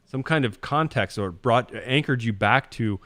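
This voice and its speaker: A man's voice: mid-range voice, moderate pace, a bit bright, no room sound. A man hosting a casual podcast conversation over a video call, joking and talking over the others. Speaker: podcast host.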